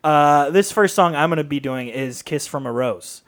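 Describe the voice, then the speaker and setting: A man's voice: fairly high pitch, moderate pace. A man co-hosting a podcast, chatting casually and laughing as he tells stories. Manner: animated, laughing, jumps into voices when telling stories. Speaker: podcast co-host. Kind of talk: casual banter.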